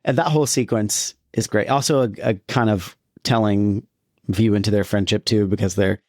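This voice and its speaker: A man hosting a relaxed movie podcast in a fairly low voice. He gushes about scenes, laughs easily and slips into bits of quoted dialogue. The recording is close and dry. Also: moderate pace, dry recording. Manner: enthusiastic, laughs often, acts out quotes. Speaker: podcast host. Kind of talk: casual film discussion.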